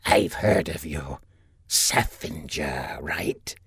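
A man's voice: rumbling low, breathy edge, no room sound, in a whisper, clean studio sound, pitched below the performer's own voice, heavily acted. Man putting on a hissing reptile alien officer. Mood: cold, suspicious. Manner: slow, hushed, hissing delivery.

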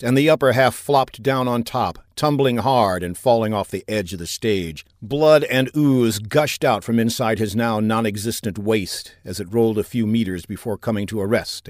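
Steady male audiobook narrator, dry close sound. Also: mid-range voice, dry recording. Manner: measured, steady storytelling with action build-ups. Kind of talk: scripted narration.

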